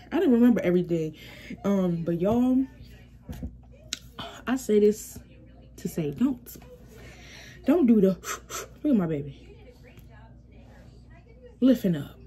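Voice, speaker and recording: A woman's voice: mid-range voice, warm tone. A young woman casually telling a storytime vlog, acting out quotes and laughing often.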